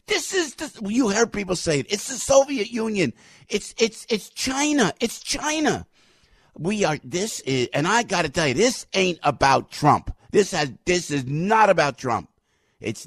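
Fired-up ranting man, gravelly voice. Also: high voice, no room sound, clean studio sound. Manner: ranting, rapid-fire, repeating himself, bursts into shouts. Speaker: talk show host. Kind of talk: fired-up political commentary.

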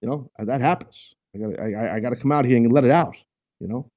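A man's voice: medium pitch, fast talker, lo-fi sound. A man hosting a live talk radio show, ranting bluntly and repeating himself as he argues about wrestling. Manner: blunt, heated, repetitive ranting. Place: radio studio.

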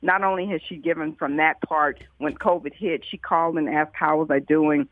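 A woman tells her stories with excited, animated energy and keeps acting out what others said. She comes through a thin phone-like line that sounds dry and close. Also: sits low, moderate pace, dry recording. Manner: excited, animated storytelling with quoted dialogue. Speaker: food pantry founder. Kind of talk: storytelling in an interview.

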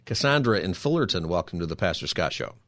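A man's voice: low voice, very animated, fast, a bit bright, no room sound, clean studio sound. A man hosting a call-in radio show as a pastor, talking in an earnest, conversational way. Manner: earnest, conversational, repeats phone number.

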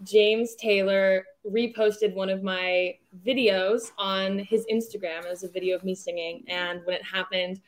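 A woman's voice: medium pitch, little pitch movement, a little slow, hardly any pauses. A young woman, a singer, chats as an interview guest. She tells her story with enthusiasm, rambling along in a casual way.

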